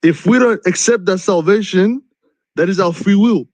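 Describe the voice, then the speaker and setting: A man calling into a live-stream debate, his voice slightly higher than most men's and recorded dry and close. He argues earnestly, repeating words and restarting his sentences as he goes. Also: moderate pace, darkish tone, no room sound, rough recording. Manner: repetitive, earnest, restarts often. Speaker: caller.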